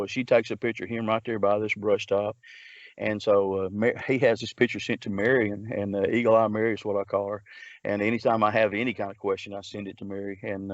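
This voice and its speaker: A man's voice: fairly low pitch, dry recording, dull audio. A man, a Bigfoot researcher, telling a long story in a rambling way, full of restarts and filler words. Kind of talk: casual storytelling.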